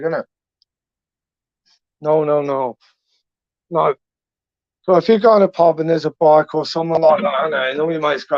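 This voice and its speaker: Young male streamer, crude laddish late-night banter, a bit high-pitched, dull lo-fi mic sound. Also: moderate pace, long pauses, no echo. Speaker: livestream host reading chat. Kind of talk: late-night live chat.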